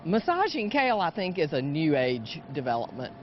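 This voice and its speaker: An older woman representing a charity in a live TV interview, relaxed and good-humored. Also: low voice, normal speed, a little hiss or hum. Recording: muffled outdoor-sounding audio.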